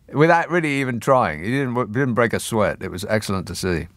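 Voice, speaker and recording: A man's voice: mid-range voice, a bit bright, no echo. A man hosting a radio phone-in, chatting wryly and laughing often, on a studio microphone. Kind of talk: casual radio phone-in chat.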